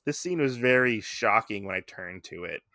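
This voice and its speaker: Male podcast co-host, lively rambling chat, dry close mic. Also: on the low side, normal speed, dry recording. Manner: chatty, rambling with many fillers. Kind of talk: casual chat.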